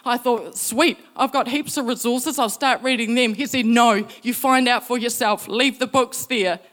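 Aussie woman telling her faith story, animated, acts out the quotes, kinda high voice. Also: moderate pace. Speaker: speaker sharing faith story. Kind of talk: personal testimony.

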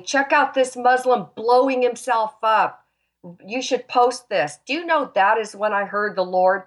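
A woman's voice: mid-range voice, a bit bright. Woman guest, fervent faith testimony, emphatic and emotional. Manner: passionate, emphatic, near tears. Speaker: talk show guest.

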